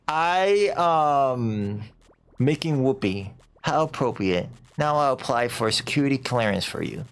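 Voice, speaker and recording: A male streamer talks casually over a let's-play at a desk mic. His voice climbs and dips a lot as he jokes at his own expense and tries out goofy voices. Faint game music plays underneath. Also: mid-range voice. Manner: animated, chatty, self-mocking, breaks into silly put-on voices.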